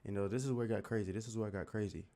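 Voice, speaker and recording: This young adult YouTuber talks in a warm, low voice with fairly even intonation, racing through a casual story. He has a Southern US accent and rambles along, using lots of slang and filler.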